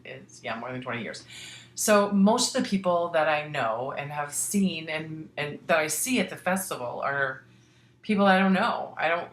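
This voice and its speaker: A chatty middle-aged woman from Missouri hosts her crafting podcast, wandering from one point to the next and restarting her sentences. Her voice sits low, and the echoey room gives it a hollow ring. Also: a bit bright. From Missouri, United States. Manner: chatty, rambling, with frequent restarts. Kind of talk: casual chat.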